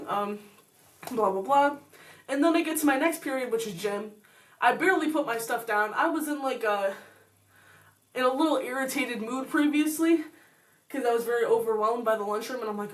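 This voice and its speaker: A woman's voice: on the high side, a little fast, distant mic, slight background noise. A teenage girl telling a story casually, full of likes and you-knows. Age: teens. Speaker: co-host.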